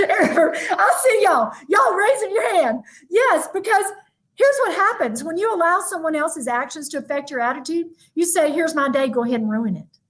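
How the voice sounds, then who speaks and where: A woman giving a lively, emphatic motivational keynote, talking straight to her audience. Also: high voice. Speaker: motivational speaker. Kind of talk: virtual keynote talk.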